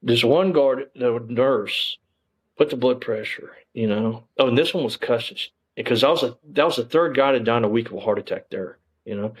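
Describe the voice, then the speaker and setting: A man's voice: mid-range voice, normal speed, husky. A middle-aged man, telling his story as an interview guest, bluntly and emphatically, with plenty of cursing and fillers. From Texas.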